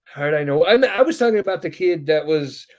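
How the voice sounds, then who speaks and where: Male podcast host, somewhat high-pitched, casual rambling storyteller who fills pauses with "uh.". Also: lively intonation, a little mellow. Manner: rambling, many "uh" fillers, acts out quoted voices.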